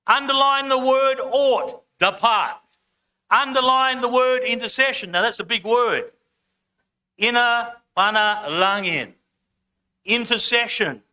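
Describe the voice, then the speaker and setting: A man preaching a sermon as a guest preacher, slow and emphatic, having the congregation repeat words after him. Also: sits high, pushed and bright. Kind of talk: sermon with congregation call-and-response. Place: church service, speaking over slides.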